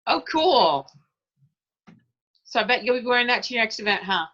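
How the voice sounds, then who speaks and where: A woman's voice: fairly high pitch, very animated, normal speed, fairly bright tone. A woman hosting an interview show, chatty and encouraging as she asks her guest questions. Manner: chatty and encouraging, laughs easily. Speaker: podcast interviewer. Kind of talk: casual interview. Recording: dull lo-fi audio.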